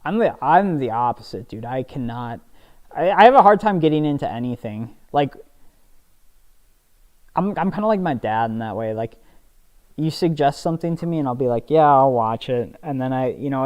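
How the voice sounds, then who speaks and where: A young man, a podcast co-host, chatting casually while gaming, rambling and halting with lots of restarts and fillers, a bit spacey. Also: medium pitch, expressive, a little mellow. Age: young adult. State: a little spacey.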